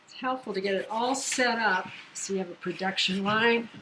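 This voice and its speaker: A middle-aged woman cooking in a home kitchen, calm and practical as she gives directions, heard off-mic from the camera. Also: mid-range voice, moderate pace. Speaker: family cook. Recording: roomy, noisy, off-mic kitchen.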